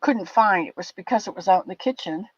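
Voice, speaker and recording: A woman's voice: medium pitch, a little fast, husky, no room sound. Older woman host, affectionate rambling chat, dry lo-fi stream audio. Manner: chatty, affectionate, rambling with restarts. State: a bit teary. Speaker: livestream host. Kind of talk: casual chat with live chat viewers. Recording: dull lo-fi dry sound.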